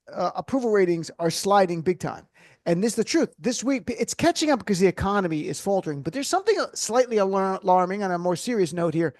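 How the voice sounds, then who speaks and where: A male radio host speaking fast in a high voice, riffing and joking. His delivery is animated and he keeps the chat moving. The studio sound is dry and close. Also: dry recording. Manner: animated, joking, quick riffs. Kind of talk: comedic radio talk.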